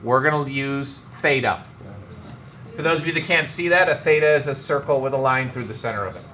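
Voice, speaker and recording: A man's voice: mid-range voice, brisk, pushed and bright. A man teaching a math class, joking and teasing his students as he works through problems. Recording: echoey classroom, some noise.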